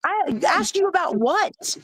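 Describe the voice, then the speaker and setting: High-voiced woman, stammering and defensive. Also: sing-song, measured pace, a loud crowd, rough recording. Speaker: stream panelist. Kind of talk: heated live-stream argument.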